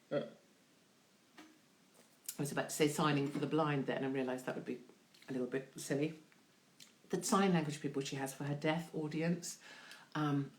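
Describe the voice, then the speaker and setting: Chatty, irreverent woman hosting a live stream. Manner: irreverent, chatty, swears freely, asks the audience questions; big jumps in pitch when reading questions aloud. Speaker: host of her own online show. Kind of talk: casual live-stream chat answering viewer questions.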